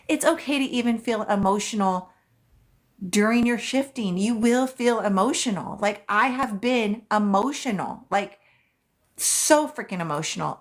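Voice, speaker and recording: A woman's voice: medium pitch, lively intonation, unhurried. A woman hosting a casual psychic livestream, chatty and loose, who swears and repeats phrases for emphasis. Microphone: phone.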